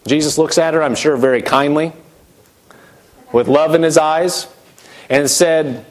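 Emphatic male preacher, somewhat high voice. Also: normal speed. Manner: emphatic, rising and falling sharply, acting out voices in quotes. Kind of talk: sermon.

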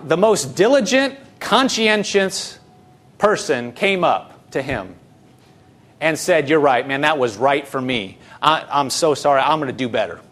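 A middle-aged pastor with a high voice delivers a conversational sermon in an easy, earnest way. He asks his listeners rhetorical questions and frequently restarts his sentences.

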